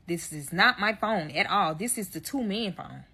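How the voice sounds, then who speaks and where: A woman's voice: on the low side, animated, normal speed, pushed and bright, breathy edge. A woman telling a dramatic personal story to her viewers in a storytime vlog, swearing freely and talking straight to her audience.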